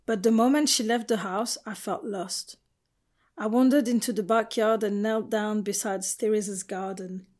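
A woman's voice: mid-range voice, steady tone, normal speed, darkish tone. Woman narrating a first-person audiobook.

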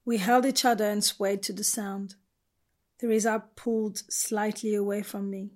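Woman, audiobook narrator, first-person, measured and intimate. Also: mid-range voice, level tone, darkish tone.

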